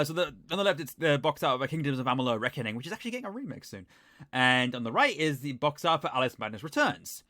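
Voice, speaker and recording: A man's voice: on the high side, bright, forceful tone, no echo, clean studio sound. A man with a Northern English accent, rambling and self-deprecating as he reacts to his old video in casual commentary. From Northern England.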